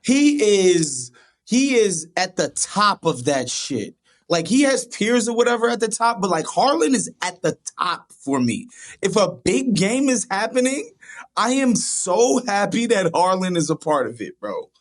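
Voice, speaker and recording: A man guest on a sports podcast, talking in an animated, excitable way and swearing casually. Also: high voice, measured pace.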